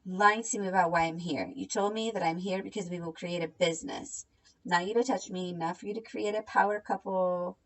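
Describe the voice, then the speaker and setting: A woman's voice: on the low side, fairly even intonation, a little fast, fairly bright tone, rough recording. A young woman recapping and reacting to online drama in a blunt, sarcastic, casual way, swearing freely. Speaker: commentary vlogger. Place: home at night.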